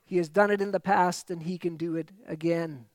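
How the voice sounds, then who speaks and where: A man delivers a sermon with emphatic, repeated phrases. His voice sits high and rings smooth and resonant. The sound is dry and close, with almost no room echo. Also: steady tone, a little fast. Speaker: pastor.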